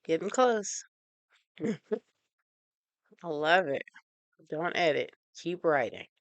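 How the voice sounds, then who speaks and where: A woman coach leading an online workshop, encouraging participants and counting slowly through breathing and muscle relaxation exercises. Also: low-pitched, lively intonation, no room sound. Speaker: emotional intelligence coach.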